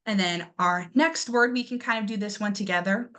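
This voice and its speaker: A woman's voice: medium pitch, a bit bright. Young woman teacher doing a pronunciation lesson, patient and encouraging, says each word twice. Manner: patient, encouraging, repeats words slowly.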